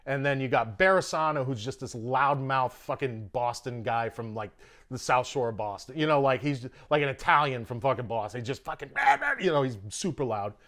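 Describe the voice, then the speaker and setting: A man telling a story in a casual podcast chat, animated and heavy on profanity. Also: mid-range voice, moderate pace. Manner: profane, animated storyteller who puts on a Russian accent in quotes. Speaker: guest comedian. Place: podcast studio in Austin, Texas.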